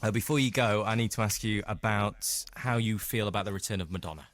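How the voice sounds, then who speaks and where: A man with a British accent hosting a radio interview, chatty and teasing, firing off quick questions. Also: fairly low pitch, a bit bright, no room sound. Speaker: radio host.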